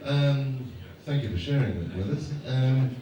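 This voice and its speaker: A man's voice: mid-range voice, expressive, unhurried, crowd noise. A man on stage as a guest speaker, bantering with the audience and telling rambling, self-mocking anecdotes. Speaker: guest speaker at a fan event. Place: large hall before a live audience. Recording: echoey hall, distant mic, noisy.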